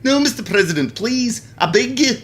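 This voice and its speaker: A man voicing a desperate mad scientist who pleads in a high, strained voice. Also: lively intonation, moderate pace, a bit bright. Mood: pleading.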